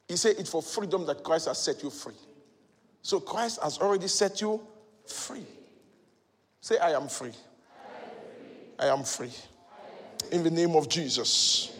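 A male preacher giving a sermon, moving between loud shouted exhortation and quiet teaching. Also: fairly high pitch, slightly rough. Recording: long hall reverb.

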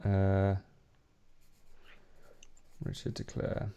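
A man taking part in a tabletop role-playing game, thinking aloud and restarting his sentences while he plans. His voice is low and mellow, relaxed rather than sharp. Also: very slow, vocal fry, clear, resonant tone. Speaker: player. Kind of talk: casual tabletop play.

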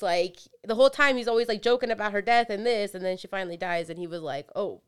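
A woman's voice: medium pitch, brisk, clear, resonant tone. A woman co-hosting a casual podcast, animatedly retelling drama scenes and acting out the characters' lines. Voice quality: swears casually. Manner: animated retelling, acts out quotes. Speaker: podcast co-host. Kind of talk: casual chat.

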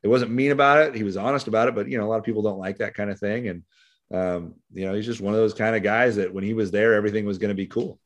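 A man's voice: fairly low pitch, fairly even intonation, racing. A middle-aged man with a Californian accent, a sheriff's deputy telling stories in a casual interview, rambling with many fillers. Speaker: sheriff's deputy and author, podcast guest.

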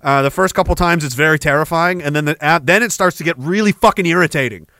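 A middle-aged man hosting a podcast, ranting with heavy profanity and jumping between war stories and shouted quotes. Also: on the high side, fast, no echo. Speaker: podcast host. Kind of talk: ranting monologue.

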